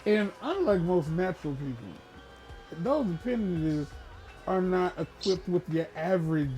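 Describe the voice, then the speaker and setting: Man doing a mock-solemn documentary narrator, slow and grave, overly formal, faint music behind. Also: sits high, expressive, mellow.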